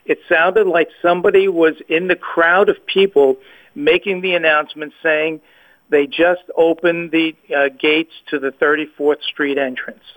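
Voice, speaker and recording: Speaking slightly slowly in a fairly high, steady voice, a man recounts his personal faith story as a guest on a phone call. The audio is tinny, and he often stumbles, repeating and restarting words.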